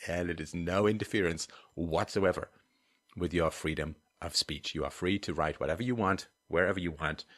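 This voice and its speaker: A man's voice: low voice, normal speed, fairly bright tone, no room sound, clean studio sound. A man hosting a livestream, answering chat questions in a digressive, wry way with frequent laughs. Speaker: livestream host. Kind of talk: livestream chat and donation appeal.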